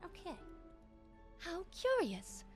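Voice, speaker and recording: A woman streaming a video game, chatting candidly with viewers in a casual, animated way. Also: very high-pitched, takes it slowly, soft background music. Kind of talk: casual gaming livestream chat.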